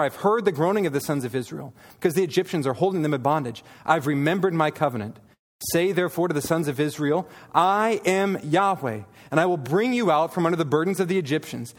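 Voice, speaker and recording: A man delivers an earnest expository sermon in a church, reading scripture passages aloud between points. His voice sits somewhat high for a man. The sound carries a long hall reverb. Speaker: pastor.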